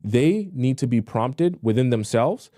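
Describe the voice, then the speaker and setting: A man's voice: mid-range voice, lively intonation, a little slow, dark tone, no echo, studio quality. A young man hosting a live-stream dating advice show, reading viewer questions and answering them bluntly in a casual, repetitive way. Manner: blunt, repetitive, conversational, acts out pleading voices mockingly.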